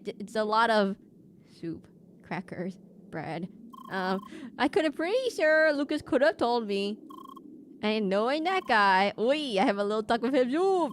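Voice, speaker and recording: A woman's voice: medium pitch, slight background noise. Rambling, chatty woman streamer. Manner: chatty and rambling, many fillers and restarts. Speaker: VTuber streamer. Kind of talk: casual game stream chat.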